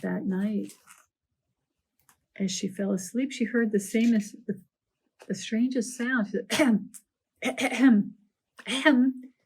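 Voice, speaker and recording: A woman librarian doing a storytime read-aloud for children, animated with gasps and playful asides. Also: mid-range voice, a little slow, vocal fry, pauses often, breathy edge.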